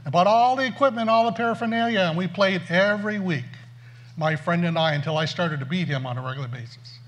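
A man preaching through a funny personal story, animated and self-mocking. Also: high-pitched, quick pace. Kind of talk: storytelling sermon.

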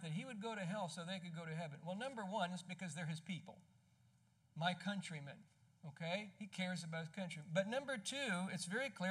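High-voiced man preaching with emphasis. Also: fairly bright tone. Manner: emphatic, conversational preaching with rhetorical questions. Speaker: pastor. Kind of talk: sermon.

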